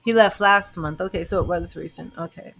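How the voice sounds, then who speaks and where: A woman's voice: lowish voice, a little fast, gravelly. Reassuring woman doing a live psychic stream. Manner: reassuring, chatty, answers viewer comments. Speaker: psychic reader. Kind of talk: live-stream tarot reading.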